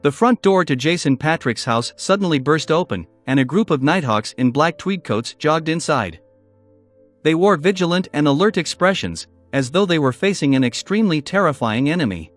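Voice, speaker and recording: Audiobook narrator, male, fairly high, very lively intonation. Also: moderate pace, soft background music. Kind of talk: audiobook narration of a fantasy novel.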